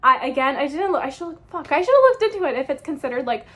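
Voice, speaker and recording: A woman's voice: high-pitched, expressive, racing, a bit bright. A woman in her twenties, a book vlogger, ranting in a casual, exasperated review and swearing freely.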